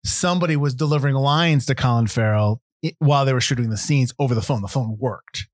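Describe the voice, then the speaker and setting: A man's voice: medium pitch, quick pace, no echo, studio quality. A man hosting a podcast in a casual film chat, telling stories with many restarts. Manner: rambling, animated storyteller with many restarts. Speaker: podcast host.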